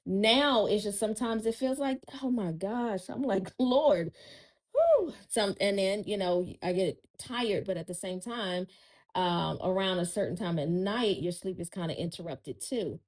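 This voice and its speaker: A woman's voice: mid-range voice, normal speed, low-quality recording. A woman, a podcast guest telling a personal story in casual chat, often turning to listeners with "y'all.".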